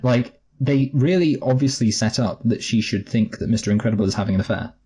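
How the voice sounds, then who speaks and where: A man's voice: mid-range voice, fairly quick, mellow, breathy edge. A man co-hosting a podcast, chatting casually about a film in a rambling, wry way with many restarts. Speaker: podcast co-host. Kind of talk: casual film review chat.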